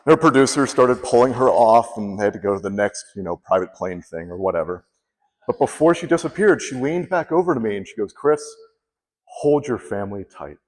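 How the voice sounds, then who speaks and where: A man's voice: medium pitch, brisk. A man giving a humorous storytelling speech, acting out the people he quotes. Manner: animated, acts out quoted people. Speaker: contest speaker. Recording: long hall reverb.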